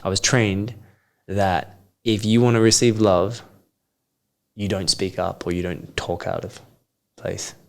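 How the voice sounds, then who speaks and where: A man with a fairly low voice speaks in a reflective coaching conversation. He asks probing questions and then lays out his points in a calm, explaining way. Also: unhurried, gravelly, long pauses. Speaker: coach, podcast guest.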